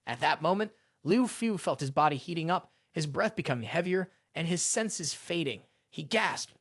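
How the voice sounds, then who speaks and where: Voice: medium pitch, expressive, moderate pace, dry recording, studio quality. A narrator telling a drama recap in a scripted storytelling style.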